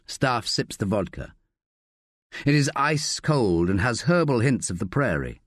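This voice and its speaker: A male audiobook narrator tells a crime story in measured, scripted style. His pitch moves expressively while his pace stays slow and deliberate. The recording is dry and close on a studio mic. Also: very animated, no echo.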